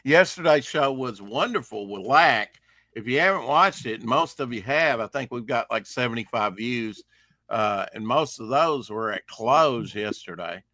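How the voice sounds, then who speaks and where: Give me a man hosting a casual stream, rambling, with a bright, forceful voice. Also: mid-range voice, animated, moderate pace, no echo. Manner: rambling, lots of uh fillers. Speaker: host. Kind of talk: casual livestream chat.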